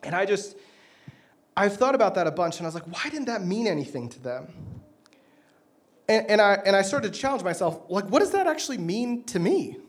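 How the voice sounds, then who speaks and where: Animated high-voiced male preacher. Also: brisk. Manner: animated storytelling, self-mocking, laughs often. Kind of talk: sermon with personal story.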